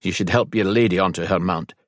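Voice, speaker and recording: A man voicing a blunt Highland warrior with a Scottish accent and firm speech. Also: fairly quick, no room sound, studio quality, close to an everyday voice.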